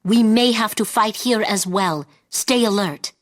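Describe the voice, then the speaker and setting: A woman's voice: medium pitch, measured pace, lightly acted. An actress voicing a polite, formal woman soldier officer in a game.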